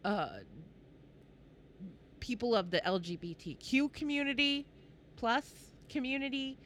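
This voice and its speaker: A woman's voice: high-pitched, animated, measured pace, a bit bright, slight background noise. A woman co-hosting a casual podcast chat, outspoken and often laughing as she talks. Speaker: podcast co-host.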